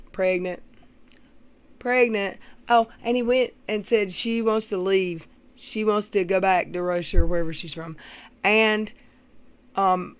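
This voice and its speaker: A woman hosting a livestream, chatting casually with viewers in a blunt, rambling, gossipy way. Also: medium pitch. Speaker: livestream host. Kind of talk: casual chat with live viewers.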